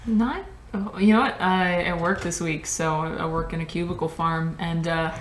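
A woman guest with a fairly low voice tells a dry, wry office anecdote. She speaks casually in an echoey room. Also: steady tone, moderate pace, slight background noise. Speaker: podcast guest. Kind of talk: casual chat.

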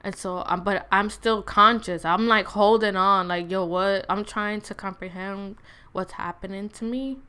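A woman's voice: medium pitch, measured pace, pushed and bright, clean tone. Slangy woman telling a story. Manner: slangy, blunt, many fillers and restarts. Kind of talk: casual storytime monologue.

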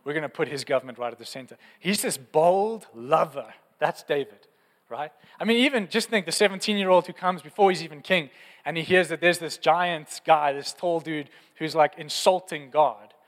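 A young man preaching a sermon, telling stories in a lively, conversational, fervent way. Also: on the high side, normal speed. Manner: animated storytelling, conversational and fervent. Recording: long hall reverb.

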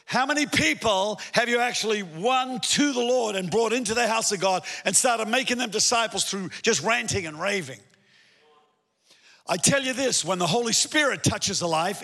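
Male pastor preaching, high voice with lots of gravel and a husky edge, big echoey church hall. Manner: animated, swinging from emphatic to hushed storytelling. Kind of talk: sermon. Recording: long hall reverb.

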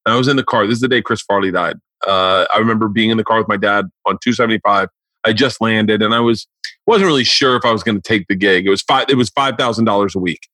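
A man in his forties, a comedian hosting a podcast, telling stories in a casual, profane, animated way. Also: on the low side, quick pace, no echo. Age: 40s. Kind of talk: casual storytelling chat.

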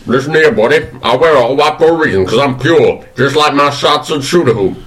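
A man's voice: medium pitch, expressive, a little fast, a bit bright, a little hiss or hum, lightly acted, poor audio. A man putting on a boastful old Southern gent. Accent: put-on American Southern drawl. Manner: drawling, calls everyone son.

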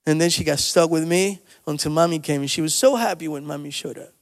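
A male pastor preaching a sermon, moving between soft storytelling asides and loud, rising exhortation. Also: on the high side, fast talker, long reverb tail. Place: church sanctuary.

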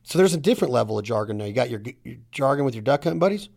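A middle-aged man hosting a casual hunting podcast, talking in an energetic, emphatic, rambling way. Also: medium pitch, racing, gravelly. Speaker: podcast host.

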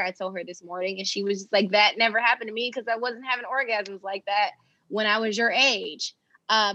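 A young adult woman hosting a podcast, telling a personal story in a candid, animated way with laughter. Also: mid-range voice, no echo, lo-fi sound. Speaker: podcast host. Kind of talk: casual storytelling chat.

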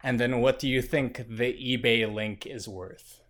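Brief: young male podcast co-host, unhurried delivery, dry and deadpan, a bit wry. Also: mid-range voice. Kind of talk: casual chat.

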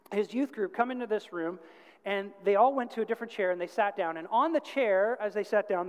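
Earnest preacher in a reverberant hall. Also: male voice, sits high. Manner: earnest storytelling with emphatic rises. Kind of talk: sermon. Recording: long reverb of a large hall.

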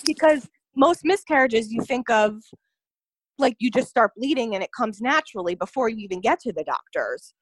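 A woman's voice: fairly high pitch, animated, normal speed, breathy edge, no room sound. A young adult woman telling a personal story as a podcast guest, earnest and full of "like" and "you know". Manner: earnest, filler-heavy telling, often says "like" and "you know".

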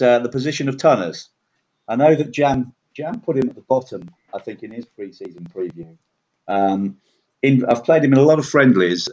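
Brief: chatty man, low voice, self-deprecating, muffled lo-fi podcast audio. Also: a little mellow. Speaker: league player reviewing standings. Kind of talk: casual podcast chat. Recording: dull lo-fi audio.

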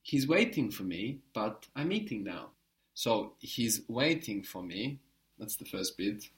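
Male tutor, patient drill style, quick "good" after each answer. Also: lowish voice, sing-song. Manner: patient, prompting with short praise. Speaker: language teacher. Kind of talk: language lesson drills.

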